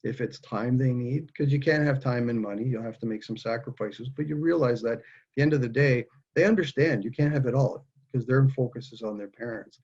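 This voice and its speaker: A man with a husky, breathy voice speaks earnestly and haltingly, restarting his sentences as he goes. The audio is muffled and lo-fi, like a video call. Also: medium pitch, a little mellow. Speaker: guest speaker. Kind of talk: candid personal conversation.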